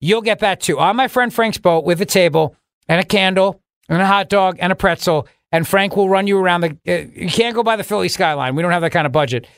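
A man's voice: high voice, fairly quick, fairly bright tone, smooth, no room sound, studio quality. A male radio talk show host bantering sarcastically, rambling and laughing at his own jokes. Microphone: studio microphone.

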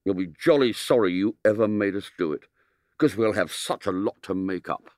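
A man's voice: on the low side, normal speed, a little mellow, dry recording, studio quality, natural voice. Man doing a furious sulky schoolboy. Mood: grudging. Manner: indignant outbursts. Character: sulky, stubborn schoolboy with tempestuous fury.

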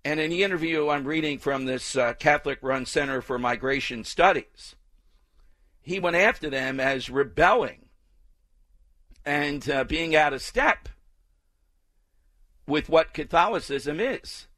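A man's voice: a little high, unhurried, pauses often, bright, forceful tone, no echo. A male talk radio host, brash and opinionated, chatting with his crew and callers.

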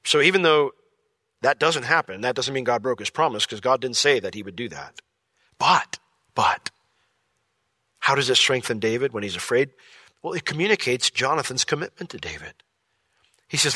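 Pastor giving a conversational sermon, bright and close in a dry room. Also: male voice, medium pitch, moderate pace, no room sound. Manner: lively, conversational, with jokey asides and acted-out quotes.

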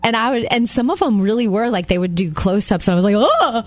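A woman's voice: medium pitch, quick pace, dry recording. A woman co-hosting a casual chat, telling stories in a chatty, easygoing way and laughing often. Her voice is recorded close and dry, with faint music playing underneath. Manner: chatty storyteller, laughs easily. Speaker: radio co-host.

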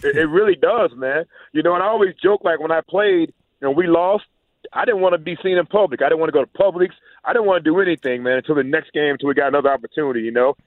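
Former player turned radio analyst, brisk and loose, tinny phone-line sound, dry. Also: male voice, a little high, dry recording. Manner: easygoing, repeats "man" and "you know". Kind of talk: casual sports chat.

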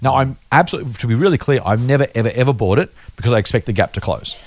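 Male podcast co-host, quick delivery, dry close mic, patient explainer. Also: medium pitch, lively intonation, no echo. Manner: explains patiently with worked examples. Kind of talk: casual investing podcast chat.

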